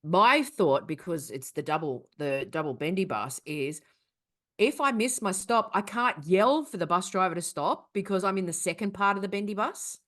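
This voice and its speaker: A woman's voice: fairly low pitch, lively intonation, moderate pace, a bit bright. A young woman co-hosting a podcast, telling a story in casual, profane chat. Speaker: podcast co-host.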